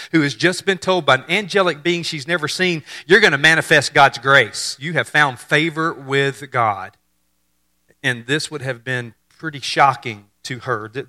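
A man in his fifties preaching in a loose, conversational style, often doubling words as he restarts. His voice is bright and forward, pitched a little high for a man. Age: 50s. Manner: conversational, repeats words on restarts, jokes with the congregation. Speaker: pastor. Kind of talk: sermon.

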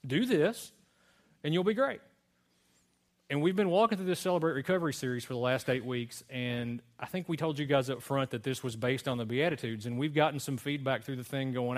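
Conversational man preaching a sermon. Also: medium pitch. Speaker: pastor.

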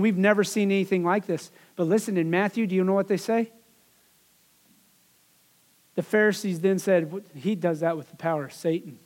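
A man with a high voice preaches a sermon as a pastor. He addresses his people loosely and conversationally, adding asides and repeating certain phrases again and again.

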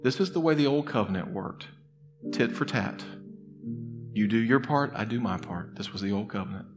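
A man preaching a sermon as a pastor, talking conversationally and earnestly, moving between soft, confiding stretches and loud, emphatic bursts. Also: lowish voice, lively intonation, moderate pace. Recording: long reverb in a hall with music underneath.

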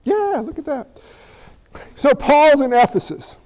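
A man's voice: extremely high pitch, big pitch swings, a little slow, long pauses, a little mellow, poor audio. A man preaching a sermon as a pastor, conversational and joking, often asking the congregation questions.

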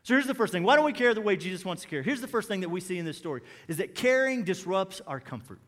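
High-voiced male pastor in a reverberant hall. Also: big pitch swings, quick pace, fairly bright tone. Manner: conversational, repeats key phrases, asks the room questions. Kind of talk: sermon.

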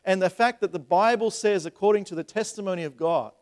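Animated pastor preaching. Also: male voice, high-pitched, fast talker. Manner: animated, rhetorical questions, repeats words; acts out voices in retold scenes. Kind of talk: sermon.

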